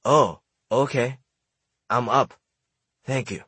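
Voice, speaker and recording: A man voicing his younger self as a confused immigrant boy with a thick Chinese accent, speaking slowly and haltingly. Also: medium pitch, a bit bright, breathy edge, dry recording. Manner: slow, halting. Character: newly arrived immigrant teen boy, confused.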